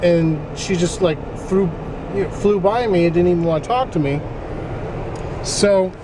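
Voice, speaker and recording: A talkative man with a slightly raised pitch narrates his day for a vlog. His storytelling is lively and animated. Street and traffic noise sits clearly under his voice. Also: a little slow. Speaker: vlogger. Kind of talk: casual vlog chat.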